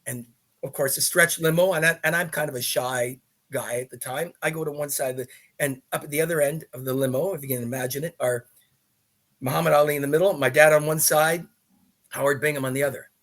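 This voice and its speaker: A middle-aged man tells a story as a podcast guest. He speaks in a fairly high voice, animated and digressive, with many restarts and asides. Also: fast. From Canada.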